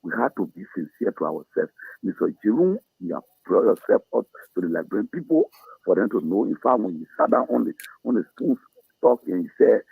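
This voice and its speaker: A man's voice: fairly low pitch, very animated, brisk, vocal fry, mellow, husky, no echo. A man calling in to a talk show who accuses and repeats his question. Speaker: caller. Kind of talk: angry phone-in question. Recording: tinny phone line.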